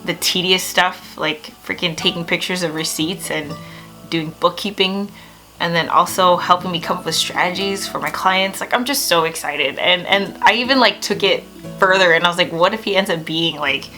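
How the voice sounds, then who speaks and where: A young woman talking straight to camera in a casual vlog, gushing and excitable, with lots of "like" and "oh my gosh.". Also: fairly low pitch, moderate pace, soft background music, low-quality recording. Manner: excitable, gushing, many filler words. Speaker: vlogger.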